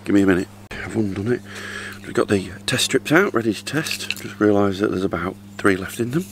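Middle-aged vlogger, low gravelly voice, chatty and rambling, handheld camera outdoors, faint background hiss. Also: male voice, brisk. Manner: chatty, rambling, talks to camera while doing chores. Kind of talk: casual vlog chat. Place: outdoors in a back garden by a hot tub.

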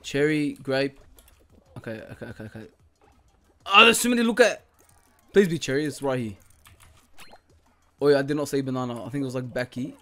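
A young man giving casual gaming commentary, swearing a lot, laughing often and yelling now and then. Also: medium pitch, lively intonation, fairly quick, long pauses. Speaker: gaming YouTuber.

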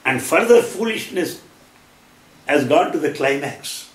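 A man with an Indian English accent giving a devotional talk to followers, emphatic, reading out quotations and dates slowly and deliberately. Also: mid-range voice, expressive, a little mellow. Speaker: spiritual lecturer. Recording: echoey hall.

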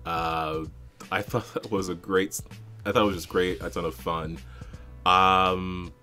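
A man co-hosting a podcast, recapping a tabletop game in casual chat, amused and halting, often repeating words. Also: low-pitched, fairly even intonation, sharp tone, faint music behind. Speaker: podcast co-host.

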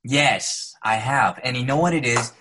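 A man's voice: medium pitch, a little slow, noisy background. A man from Saskatchewan, an actor with a trained neutral North American accent, chatting animatedly as a podcast guest and acting out the people he quotes. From Saskatchewan, Canada. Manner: animated storyteller, acts out quotes. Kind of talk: casual podcast interview.

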